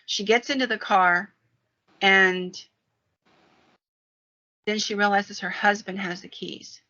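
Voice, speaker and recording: A woman hosting a paranormal podcast, retelling a frightening story in an animated way. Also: mid-range voice, slow pace. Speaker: podcast host. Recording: dull lo-fi sound.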